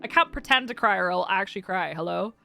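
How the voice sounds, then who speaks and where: A woman's voice: mid-range voice, animated, fast talker, gravelly, bright, forceful tone, soft background music. A woman streamer chatting casually with her audience, emotional and close to tears, laughing often as she reads chat aloud. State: teary, close to crying.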